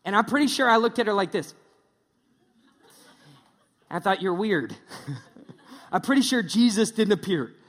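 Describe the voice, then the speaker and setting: Joking high-voiced pastor in a hall. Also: male voice, lively intonation, measured pace, pauses often, a bit bright. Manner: conversational, joking, with mocking impressions. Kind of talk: sermon.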